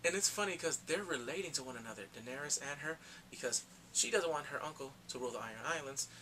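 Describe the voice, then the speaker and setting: An excitable man chatting through a TV episode recap in a loose, slangy way, now and then jumping into little impressions of the characters. His voice sits a bit high and sounds bright and forceful, with a faint hiss of noise behind him. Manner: excitable, slangy, acts out characters in quick asides. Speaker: TV recap vlogger.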